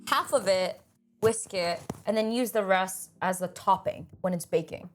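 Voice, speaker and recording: A woman's voice: medium pitch, a little slow, soft background music. A woman cooking on a live stream, chatting casually and talking through recipe steps with easy amusement.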